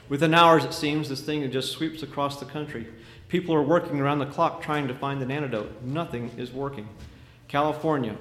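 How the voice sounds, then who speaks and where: A man preaching a sermon, telling a vivid story with dramatic swings from loud to hushed. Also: mid-range voice. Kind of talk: sermon illustration. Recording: echoey hall with faint noise.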